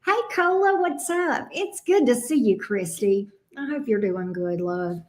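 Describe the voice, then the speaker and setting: Southern woman, folksy live-stream tarot host, higher voice, roomy echo. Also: expressive, a little slow, slight background noise. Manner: breezy, greets chat viewers by name, folksy. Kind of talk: casual live-stream chat.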